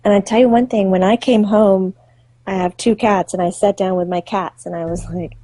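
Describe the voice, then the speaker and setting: Husky, mellow-voiced woman telling stories. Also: mid-range voice, steady tone, brisk, dry recording. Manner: vivid, acts out quoted voices, laughs often. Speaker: psychic medium and author, interview guest. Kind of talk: animated storytelling in an interview.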